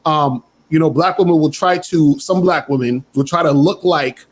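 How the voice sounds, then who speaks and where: A man's voice: a little high, moderate pace. Rambling man on a stream panel. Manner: rambling, checking in with "you see what I'm saying".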